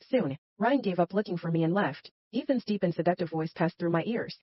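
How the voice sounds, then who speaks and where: Breathy woman narrating a romance story. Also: on the low side, animated, a little fast, no room sound, dull audio.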